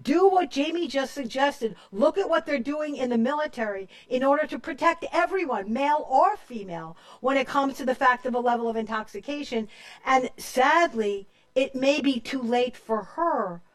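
A woman hosting a panel discussion, emphatic and quick to cut in as she hands the floor to guests. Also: high-pitched, expressive. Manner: emphatic, interrupting, moderating. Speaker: panel host.

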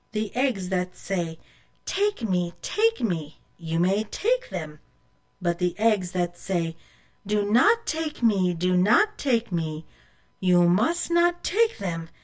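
Storybook crone, older, stern and mysterious, measured warnings, lively ups and downs, read by a woman. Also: medium pitch.

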